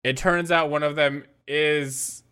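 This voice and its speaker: A man co-hosting a comedy podcast, with a dry, unhurried, mock-corporate delivery. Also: on the high side, steady tone, sharp tone, clean tone. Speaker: podcast co-host. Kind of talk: deadpan comedic podcast banter.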